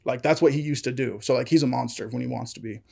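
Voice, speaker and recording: A man's voice: medium pitch, quick pace, vocal fry, a little mellow. A young man telling a long story on a casual podcast chat, full of fillers, laughing often. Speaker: podcast co-host.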